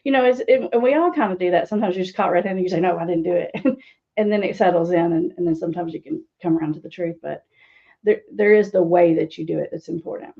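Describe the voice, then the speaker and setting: A woman's voice: fairly low pitch, quick pace, creaky, mellow, dull audio. A woman recovery coach answering interview questions in a teasing, sarcastic way, often laughing. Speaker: guest speaker, addiction recovery coach.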